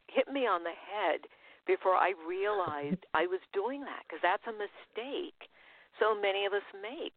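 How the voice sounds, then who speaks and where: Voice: mid-range voice, no room sound. Enthusiastic host on a tinny line. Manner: enthusiastic, affirming, laughs often. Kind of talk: interview hosting. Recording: dry, tinny phone-like line.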